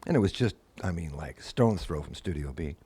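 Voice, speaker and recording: A man's voice: low voice, fairly quick, husky. An older man, a guest musician, telling long anecdotes in casual conversation and acting out the people he quotes. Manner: anecdotal, animated quoted voices. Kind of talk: casual storytelling.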